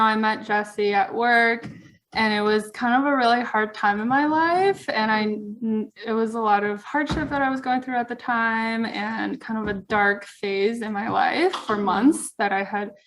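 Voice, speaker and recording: Earnest, rambling woman, somewhat high voice. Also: fairly bright tone. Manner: earnest and rambling, many fillers. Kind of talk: casual chat.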